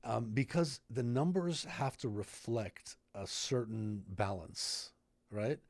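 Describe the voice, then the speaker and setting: Here a retired fire captain in his fifties speaks slowly at a medium pitch, with no room sound in the recording. As a guest on a casual podcast interview in an Idaho studio, he's an animated storyteller, acting out the dialogue in his stories.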